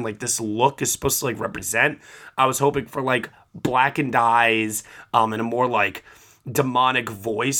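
A man's voice: mid-range voice, pushed and bright. A man co-hosting a casual film review chat, ranting at length with many fillers. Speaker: film podcast co-host.

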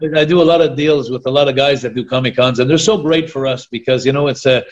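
A man's voice: medium pitch, fast. French Canadian man, muffled lo-fi sound. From Quebec, Canada. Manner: rambling, many restarts and fillers. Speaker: retired pro wrestler guest. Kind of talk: casual interview chat.

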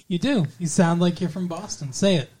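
A man's voice: high voice, normal speed, a little mellow, breathy edge. A man hosting a casual podcast chat, rambling, trailing off and correcting himself as he goes. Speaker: podcast host.

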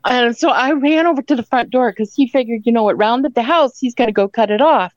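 A woman's voice: fairly high pitch, brisk, dry recording, lo-fi sound. A woman telling her own story in an emphatic, rambling way, often tagging her sentences with "okay?". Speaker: caller telling an encounter story. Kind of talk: emotional first-person storytelling.

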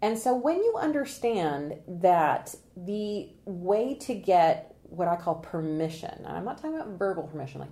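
A woman's voice: lowish voice, normal speed, few pauses. A woman trial consultant giving an interview, talking with energy, laughing and acting out what jurors say. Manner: energetic, animated, acts out quotes with laughs. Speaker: trial consultant and presentation coach. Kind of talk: podcast interview guest.

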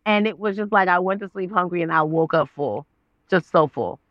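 A woman in her thirties, a guest on an interview show, telling her story with lively voices for her own past words. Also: fairly quick, dry recording, highs cut off. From Nigerian family. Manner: expressive, acts out her own past words with big pitch jumps. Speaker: guest, actress and author.

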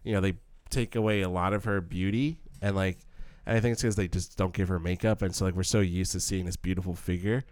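A young man chats about a film, rambling and cutting himself off midway through his thoughts. His voice is lowish and smooth. The recording is dry and close. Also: fairly even intonation, a little fast, a little mellow, dry recording. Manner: rambling, self-interrupting rants. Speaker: podcast co-host. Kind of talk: casual film discussion.

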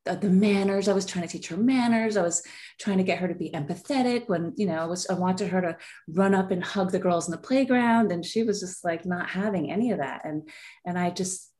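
A woman's voice: fairly low pitch, brisk, a little mellow. A woman in her forties, a podcast guest, telling a heartfelt personal story in a rambling way with many fillers.

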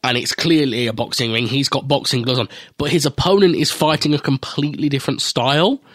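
A man in casual podcast chat, candid and quick to swear. His voice is mid-pitched and sounds dry and close. He trades opinions easily. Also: fairly bright tone, no room sound. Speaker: podcast co-host.

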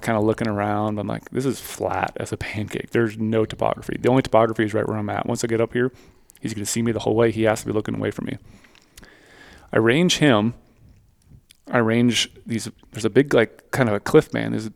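Podcast co-host, man; low, gravelly voice, animated storyteller, dry sound. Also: fairly quick, dry recording. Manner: animated storyteller, quotes his own thoughts. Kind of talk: casual storytelling chat.

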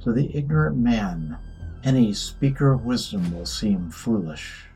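A man voicing a calm, mysterious god in disguise who speaks quietly and without concern. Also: fairly low pitch, a little slow, faint music behind.

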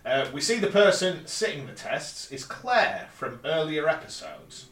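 A man's voice: fairly high pitch, sing-song, a little slow, fairly bright tone. Man recapping in a roomy room. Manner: methodical plot recap, dry asides. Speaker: podcast co-host recapping episodes. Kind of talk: casual podcast chat. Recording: roomy, distant mic.

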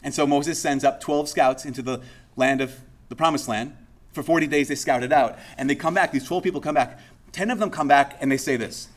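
A man's voice: medium pitch, a little fast. A man preaching a sermon in a casual, conversational way, acting out the speech of the people he tells about. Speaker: pastor.

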